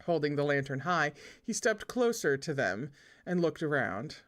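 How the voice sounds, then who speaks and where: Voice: mid-range voice, sing-song, moderate pace, a bit bright. A host reads a novel aloud for listeners in an easy, conversational way. The narration moves steadily and is broken up by playful comments and reactions to the story. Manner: chatty asides, laughs at the text.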